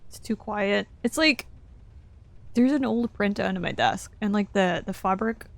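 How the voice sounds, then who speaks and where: Young woman, game streamer, casual chatty commentary, swearing, mid-pitched, dry close mic. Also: moderate pace, gravelly, no room sound. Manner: chatty, swearing, laughing asides. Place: at a desk at home.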